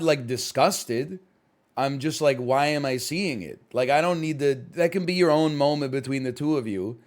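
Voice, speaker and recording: A man streaming live, chatting casually while he plays a game, rambling and often rising to loud outbursts. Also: mid-range voice.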